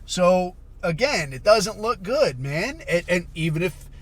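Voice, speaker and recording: A man's voice: sits high, very animated, a little slow, husky. A man hosting a podcast, ranting in a blunt, profane and sarcastic way. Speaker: podcast host. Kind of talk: casual commentary rant.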